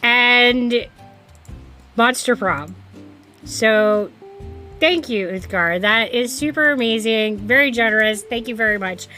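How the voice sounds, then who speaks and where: A woman's voice: fairly high pitch, slow pace, sharp tone, soft background music. A woman game streamer in casual live-stream chat, giggling often and stammering when flustered.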